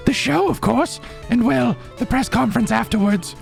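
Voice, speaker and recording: A man's voice: extremely high pitch, normal speed, creaky, faint music behind, voice pushed up, heavily acted. A man voicing a vain, pushy old woman who scolds and rambles, for a game playthrough. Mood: haughty, rambling.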